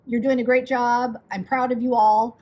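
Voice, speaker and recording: A woman's voice: fairly high pitch, level tone, normal speed, dull audio. A woman swim instructor giving parents earnest, encouraging advice in a direct, explanatory talk.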